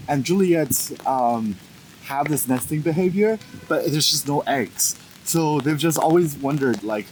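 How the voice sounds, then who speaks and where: A man's voice: medium pitch, normal speed, low-quality recording. A man vlogging a walk around town with friends, chatting casually and rambling with lots of fillers. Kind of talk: casual chat. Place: busy city streets outdoors. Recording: loud street noise behind. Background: loud street ambience.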